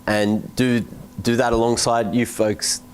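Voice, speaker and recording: A man's voice: mid-range voice, little pitch movement, measured pace, faint music behind, low-quality recording. An easygoing man from Australia with an Australian accent, speaking matter-of-factly in a comedy skit.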